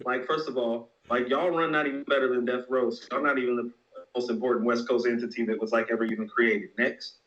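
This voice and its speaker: A man's voice: mid-range voice, little pitch movement, fast, a bit bright. A man argues his point on a casual podcast, blunt and emphatic, stacking repeated words to hold the floor. His voice sits in a roomy space with some echo. The sound is a little dull and muffled. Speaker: podcast co-host. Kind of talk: heated casual debate.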